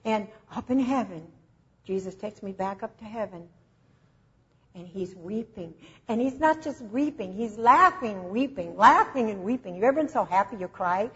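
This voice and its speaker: A woman preacher delivering a sermon in an emotive, slow and emphatic way, recorded with dull lo-fi sound. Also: medium pitch, lively intonation, fairly bright tone.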